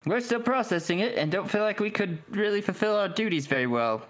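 An actor voicing a shaken young male guard who talks haltingly and hesitantly. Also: sits high, animated, a bit bright, voice pushed up.

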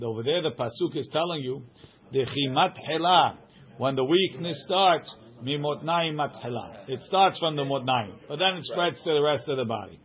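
Man talking through a text, muffled. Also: fairly high pitch. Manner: reads aloud then translates line by line, with frequent "right?". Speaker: Talmud teacher. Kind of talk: casual study-group reading and translating. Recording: dull lo-fi recording.

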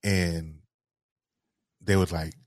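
A man telling a personal story in an interview, halting and repeating words as he speaks with grief. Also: sits low, fairly even intonation, no echo, clean studio sound. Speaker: guest.

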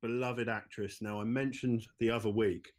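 A man's voice: on the low side, fairly even intonation, normal speed. Dry-joking British man co-hosting. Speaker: podcast co-host. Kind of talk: casual chat.

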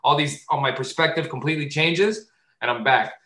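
A man chatting casually on a podcast, animated and loose, swearing freely and jumping into loud high voices to act out bits. His voice sits a little high for a man. The room around him rings with echo. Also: brisk. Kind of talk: casual chat.

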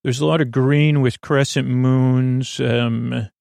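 Gravelly man rambling through a recap. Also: mid-range voice, steady tone, slow pace, darkish tone, no echo, studio quality. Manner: rambling, filler-heavy retelling. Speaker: podcast host. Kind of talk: casual episode recap.

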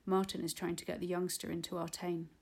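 A woman's voice: on the low side, little pitch movement, brisk, creaky, a little mellow, breathy edge. A woman reading a sober male mourner. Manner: matter-of-fact. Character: sober male mourner giving family news.

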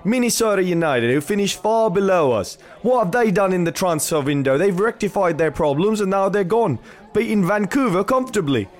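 A man's voice: high-pitched, lively intonation, brisk. A man playing an angry English football fan in a comedy sketch, ranting at an interviewer. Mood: indignant. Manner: ranting, repeats a wrong name.

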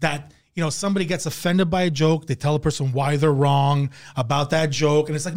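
A man's voice: a little high, fairly even intonation, fairly quick, few pauses, darkish tone. A middle-aged man from Canada, a comedian hosting a casual podcast chat, rambling and swearing and laughing often.

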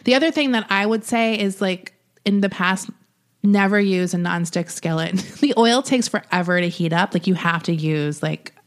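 A woman's voice: medium pitch, normal speed. A woman co-hosting a podcast in casual chat, reading news stories aloud with lots of uhs and likes. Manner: relaxed, loose, filler-heavy with many uhs and likes. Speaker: podcast co-host.

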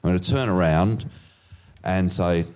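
A man's voice: deep voice, unhurried, a little mellow. A man telling a crude, self-mocking story on a live comedy podcast, swearing freely and laughing as he goes.

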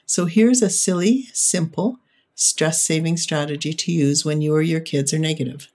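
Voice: mid-range voice, normal speed, darkish tone. An upbeat, encouraging podcast host giving parents tips in a monologue.

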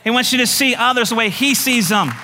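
Middle-aged male pastor, folksy animated sermon, bright sharp voice, long church-hall reverb. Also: very high-pitched, fairly quick, slight background noise. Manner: animated, folksy, laughs often.

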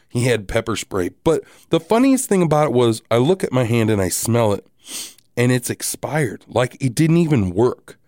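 A man hosting a podcast, telling a story in a casual, animated, profane and wry way. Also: mid-range voice, normal speed, dry recording, studio quality. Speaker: podcast host.

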